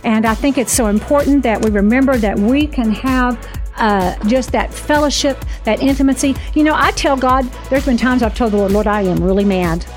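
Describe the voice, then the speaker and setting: A woman hosting a Christian talk show, telling stories in a chatty, animated way with frequent laughs. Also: sits high, normal speed, soft background music. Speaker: host.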